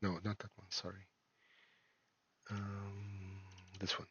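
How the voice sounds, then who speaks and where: A man, an indie game developer and a father, talks through his game in a casual devlog, halting and full of fillers and restarts. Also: fairly low pitch, monotone, a bit bright, lo-fi sound. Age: adult, a parent. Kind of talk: casual screen-recorded devlog.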